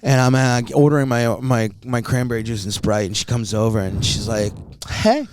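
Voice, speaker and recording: A man's voice: medium pitch, a little fast, noisy background. A man telling a story in casual chat, swearing often and acting out what people said. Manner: animated, swears a lot, acts out quotes in shifting voices.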